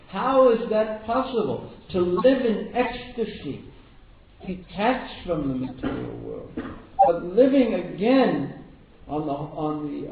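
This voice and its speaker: A man with a gravelly voice gives a devotional talk as a spiritual teacher. He tells the stories in a storytelling manner and repeats words for emphasis. The sound is thin and phone-like, with a roomy echo and steady background noise. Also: a little high. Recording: echoey room over a tinny phone-like line with background noise.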